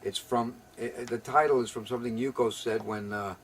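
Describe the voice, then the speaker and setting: A man reading his own poem aloud during a casual home interview, with quick, rambling, self-deprecating asides. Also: medium pitch, steady tone, slight background noise, poor audio. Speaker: poet.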